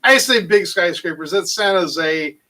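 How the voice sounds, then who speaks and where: Man, high voice, casual storyteller, animated, rambling, lots of fillers. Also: a little slow, rough recording. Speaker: channel host.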